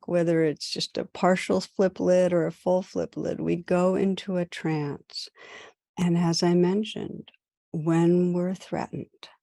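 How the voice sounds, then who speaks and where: A woman meditation teacher and podcast host giving a recorded talk in gentle, measured short phrases with pauses. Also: sits low, vocal fry, dry recording, clean studio sound.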